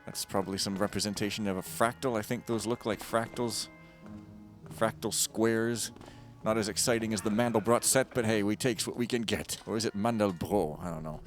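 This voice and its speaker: A man casually commenting while playing a stealth game, rambling and joking, with sudden loud bursts and quiet mumbles, on a close mic. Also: fairly low pitch, moderate pace, soft background music. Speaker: gaming streamer. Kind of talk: casual let's-play commentary. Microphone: close desk mic.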